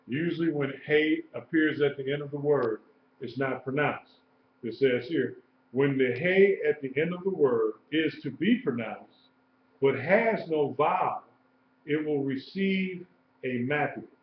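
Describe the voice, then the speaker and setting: A man teaching a live-streamed lesson, explaining slowly and repeating key points. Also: mid-range voice, a little hiss or hum. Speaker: Hebrew teacher. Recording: echoey room, dull lo-fi sound.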